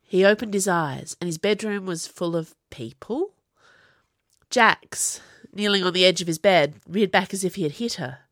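A woman narrating an audiobook in an expressive reading voice. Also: lowish voice, moderate pace, no room sound, clean studio sound.

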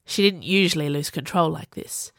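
A woman with a lowish voice reads a novel aloud in steady, even storytelling. The sound is close and completely dry, with no room around it. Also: normal speed, no echo. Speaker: audiobook narrator. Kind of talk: scripted narration.

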